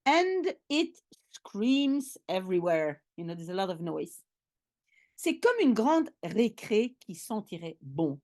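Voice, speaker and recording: A woman's voice: mid-range voice, very animated, slow pace, a little mellow. A woman teaching French in English, reading lines from a children's book aloud and translating them phrase by phrase. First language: Dutch. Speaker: language teacher. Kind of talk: bilingual language lesson.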